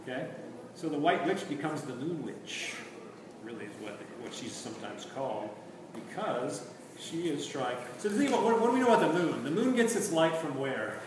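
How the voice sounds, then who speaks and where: A man teaching a literature lesson in an animated, questioning way. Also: a little high, normal speed. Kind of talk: literature lecture with read-aloud. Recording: echoey room from far off, noisy.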